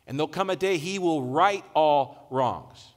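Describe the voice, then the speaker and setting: A man preaching in a large church hall, his slightly high voice ringing out with a long reverb tail. He switches easily between casual asides and emphatic points. The delivery feels conversational rather than formal. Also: measured pace. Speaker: pastor. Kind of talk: sermon.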